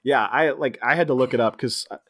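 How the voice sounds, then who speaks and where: A man casually recapping a film on a podcast, quoting characters in quick put-on voices. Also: medium pitch, a bit bright. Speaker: podcast co-host. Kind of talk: casual movie recap chat.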